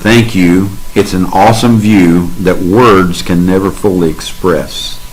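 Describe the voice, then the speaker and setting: A man's voice: low voice, fairly even intonation, a little slow, low-quality recording. A man giving a spiritual testimony and exhortation, emphatic and repeating affirmations in rhythmic lists. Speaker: speaker in a spiritual sharing session.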